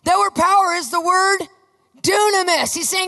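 A woman preaching a sermon with fervor, often rising to emphatic shouts. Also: very high voice, normal speed. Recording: long reverb of a large hall.

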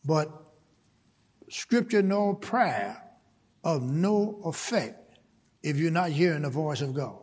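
Preacher, male, slow deliberate delivery, high husky voice, church reverb. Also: animated, a little mellow. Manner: repeats words, builds to emphatic preaching. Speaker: pastor. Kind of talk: sermon.

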